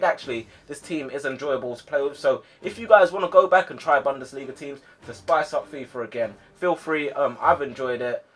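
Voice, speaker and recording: A young man giving live commentary on his own football video game match, excitable, yelling at his players and sighing in frustration. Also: on the high side. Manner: excitable, shouts at players, swings to frustrated sighs. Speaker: gaming YouTuber.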